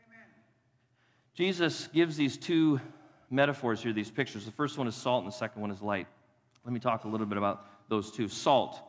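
Emphatic male pastor in a reverberant hall. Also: medium pitch. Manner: emphatic, repeats key phrases, slows for scripture. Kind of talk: sermon. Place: church sanctuary. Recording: long reverb of a church hall.

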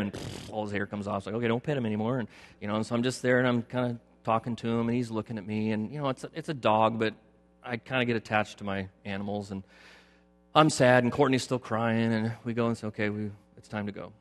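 Middle-aged guy preaching, loud then hushed storytelling, long echo in a big hall. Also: fairly low pitch, steady tone, brisk. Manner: swings from loud emphatic preaching to quiet storytelling. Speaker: pastor. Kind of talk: sermon with personal story. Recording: long hall reverb with faint music.

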